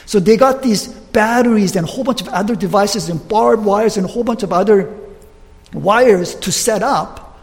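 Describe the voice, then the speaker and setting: Man, preacher, sermon storytelling, high gravelly voice, long hall reverb. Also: normal speed. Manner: animated retelling with acted quotes, frequent restarts.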